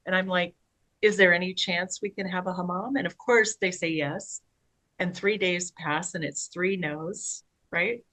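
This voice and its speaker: A woman co-hosting a podcast, telling long rambling stories in casual conversation with animated asides. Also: fairly low pitch, rough recording. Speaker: podcast co-host.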